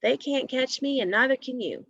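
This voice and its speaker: A woman's voice: sits high, moderate pace, fairly bright tone, dry recording, voice pushed up. A woman voicing a boastful male pancake running away in a children's story. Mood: taunting. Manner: boastful, taunting. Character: cocky runaway male pancake. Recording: dull lo-fi recording.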